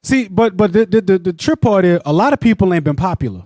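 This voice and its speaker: High-voiced man teaching with animated fervor. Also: quick pace, dry recording, clean studio sound. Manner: animated, repetitive, often asks "you know what I'm saying". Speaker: Bible class teacher. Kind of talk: religious teaching discussion.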